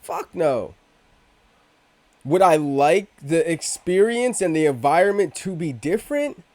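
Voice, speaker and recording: This crypto video host is a man with a fairly high, animated voice that's unhurried and a little mellow, recorded dry. His casual vlog talk wanders, full of profanity and slang-laced breaks where he abandons a thought partway through.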